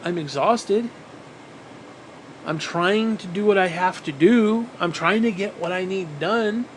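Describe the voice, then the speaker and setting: A man telling a story casually, animated, swearing often and repeating phrases for emphasis, sounding tired. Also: sits high, takes it slowly, slight background noise, poor audio. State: physically exhausted.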